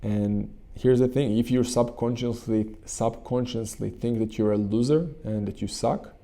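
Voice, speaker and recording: A man hosting his channel, leading a guided meditation in an earnest, repetitive way with frequent halting restarts. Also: mid-range voice, steady tone, mellow. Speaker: channel host and coach. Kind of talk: motivational talk with guided meditation.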